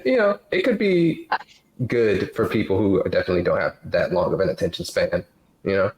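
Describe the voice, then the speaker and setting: A man's voice: low-pitched, animated, brisk, a little mellow, rough recording. A man on a podcast giving laid-back opinions in casual chat. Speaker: podcast guest.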